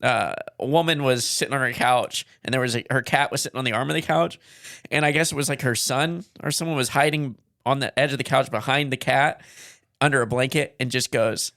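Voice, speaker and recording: Gravelly-voiced man co-hosting a podcast. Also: mid-range voice, bright, forceful tone, no room sound, clean studio sound. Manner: easygoing, chuckling, quick agreeing replies. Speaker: podcast co-host. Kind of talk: casual chat.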